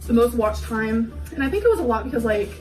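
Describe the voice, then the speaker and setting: A woman's voice: on the high side, expressive, quick pace, a little mellow. A young woman in a candid, rambling confessional vlog, talking at home and laughing now and then between thoughts. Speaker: vlogger. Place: home kitchen. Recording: echoey room, voice a bit far from mic, faint background music.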